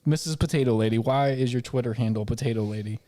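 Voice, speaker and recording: A man's voice: medium pitch, fast talker, mellow. Rambling Southern-accented man. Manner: rambling, chuckling, swears casually. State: tipsy after a couple of bourbons. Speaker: podcast host. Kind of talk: casual podcast chat.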